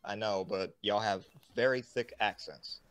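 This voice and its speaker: A man talking in slangy, animated chat with a fellow streamer about games and friends. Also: on the low side, unhurried, clear, resonant tone. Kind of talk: casual gaming stream chat.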